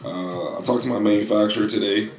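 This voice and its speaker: A man's voice: fairly low pitch, fairly even intonation, fast talker, reverberant. A man in his twenties talking casually in a vlog about his clothing brand, laid-back and slangy with lots of fillers. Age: 20s. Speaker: vlogger building a clothing brand.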